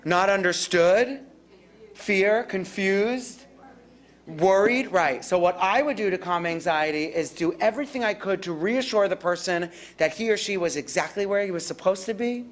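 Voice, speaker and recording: A woman giving a live workshop on dementia care, animated and acting out calm, reassuring caregiver lines. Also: medium pitch, moderate pace.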